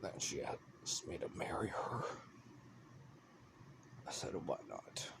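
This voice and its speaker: A man telling a made-up first-person horror story in a hushed, whispery way. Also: slow pace, noisy background.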